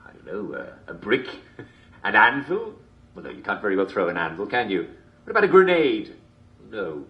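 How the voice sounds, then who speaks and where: A man's voice: on the low side, wildly swooping pitch, moderate pace, highs cut off. An actor playing a jolly TV show host, chuckling constantly between lines in chummy showman patter. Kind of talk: video game character performance.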